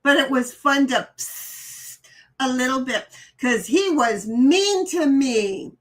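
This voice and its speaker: A woman's voice: high voice, expressive, slow pace. A middle-aged woman hosting a casual live stream, reading chat messages aloud and chatting about them with frequent stammered restarts.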